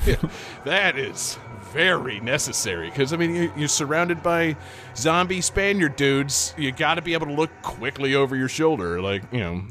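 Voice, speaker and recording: A man's voice: a little high, fairly bright tone. Rambling casual male podcast host. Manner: rambling, lots of fillers and laughs. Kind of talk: casual chat about video games.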